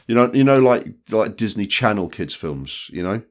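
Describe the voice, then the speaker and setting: Man, very low voice, blunt and sweary, casual podcast film chat. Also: expressive, normal speed. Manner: blunt, swears, many restarts. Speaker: podcast co-host.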